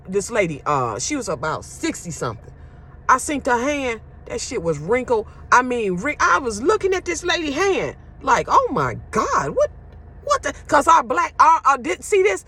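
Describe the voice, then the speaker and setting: A woman's voice: extremely high pitch, pushed and bright, dry recording. A woman delivering a blunt, emphatic rant to her viewers, with profanity. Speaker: social media commentator. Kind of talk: ranting monologue to viewers.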